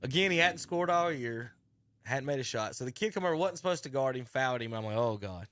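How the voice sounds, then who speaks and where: A middle-aged man, hosting sports talk radio and telling a rambling, animated coaching story with many restarts. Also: mid-range voice, quick pace, no echo, clean studio sound. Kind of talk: casual radio chat narrating a video clip. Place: radio studio.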